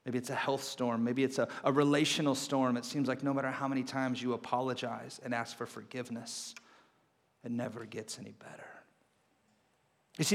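A man preaching a sermon as pastor, animated storytelling that swings between excited and hushed. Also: medium pitch, husky. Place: church auditorium. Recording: long hall reverb.

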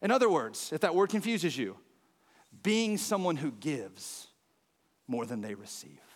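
A man preaching as pastor, talking in a conversational way with frequent fillers and lively storytelling. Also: fairly high pitch, measured pace. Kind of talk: sermon. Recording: reverberant church hall.

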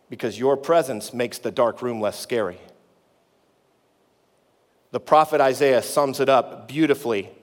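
A man preaching a sermon in a conversational way, dropping low and quiet to reassure. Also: big-room sound. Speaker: pastor.

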